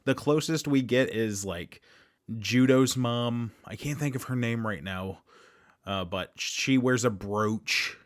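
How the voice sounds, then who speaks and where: Man, thirties, casual host commentary, medium pitch, laughs a lot, dry close sound. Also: takes it slowly, dry recording. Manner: chatty, laughs often, jumpy emphasis. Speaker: show host.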